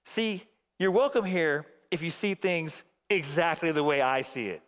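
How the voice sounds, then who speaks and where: A man preaching a sermon as a guest pastor from the Phoenix area, swinging between emphatic outbursts and hushed, low passages. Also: expressive, unhurried. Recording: long hall reverb.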